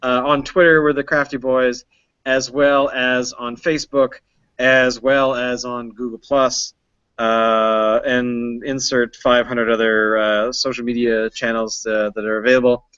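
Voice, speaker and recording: A man's voice: mid-range voice, level tone, a little slow, a bit bright, clean tone, dry recording. Rambling male podcast host, dry lo-fi sound. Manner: rambling with many fillers. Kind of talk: casual chat.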